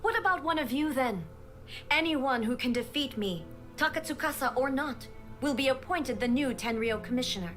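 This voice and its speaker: An actress playing a stern, commanding female ruler in a game, speaking in a cold, formal and measured way. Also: sits high, animated, over music. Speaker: game character.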